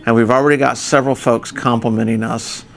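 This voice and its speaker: A man's voice: mid-range voice, fairly even intonation, a little fast. A man vlogging aboard a cruise ship, chatty and upbeat, talking straight to viewers as folks. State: out of breath. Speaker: travel vlogger. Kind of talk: casual vlog chat.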